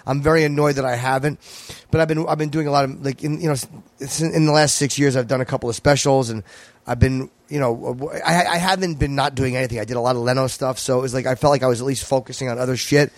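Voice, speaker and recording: A man telling stories on a podcast in a blunt, profane way. His voice sits at an ordinary middle pitch. The sound is dry and close, with no room around it. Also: steady tone, no room sound. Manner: blunt, profane, quick storytelling. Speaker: guest comedian. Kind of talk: casual podcast chat.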